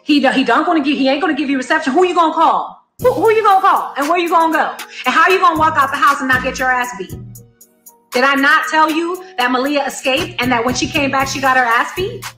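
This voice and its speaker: A woman's voice: high-pitched, fast, pushed and bright, roomy sound, soft background music. A woman giving an earnest, emphatic commentary, explaining things to her audience. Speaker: commentator and former cult member. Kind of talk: commentary monologue.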